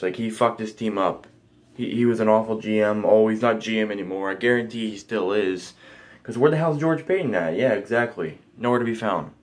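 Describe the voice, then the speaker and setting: A man's voice: medium pitch, fairly bright tone. A young man ranting angrily about his football team in a heated, profane, repetitive way. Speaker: sports fan vlogger. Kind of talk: angry sports rant.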